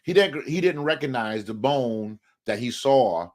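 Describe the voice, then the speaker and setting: A man's voice: mid-range voice, expressive, measured pace, darkish tone. A man hosting a live relationship show, talking emphatically and often asking the viewers questions. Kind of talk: live talk on marriage, preacher-like.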